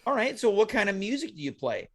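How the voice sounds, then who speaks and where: Male call-in host with a high voice; dry, bemused comic interviewer. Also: sing-song, fast talker. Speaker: talk show host. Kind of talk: comedic live call-in show.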